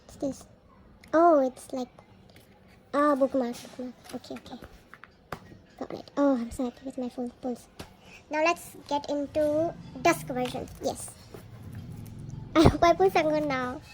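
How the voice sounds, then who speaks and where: A woman unboxing albums on a casual vlog, gushing excitedly and gasping at each card she pulls. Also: high voice, measured pace, pauses often, a little hiss or hum.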